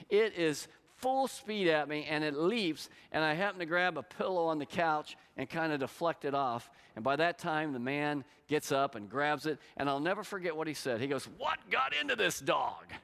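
A man's voice: fairly high pitch, clear, resonant tone. A middle-aged male pastor preaching a sermon, telling stories and acting out the lines of the people in them. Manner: storytelling, animated, acts out quotes. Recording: long hall reverb.

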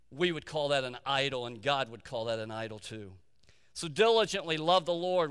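A man's voice: fairly high pitch, bright, forceful tone, clear, resonant tone. A man preaching a sermon as pastor, telling a story and repeating key phrases for emphasis. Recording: long hall reverb.

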